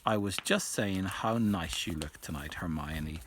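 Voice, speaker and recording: A man reading aloud, voicing an earnest, bookish schoolgirl who talks anxiously and falsely brightly. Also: low-pitched, a little slow, background noise.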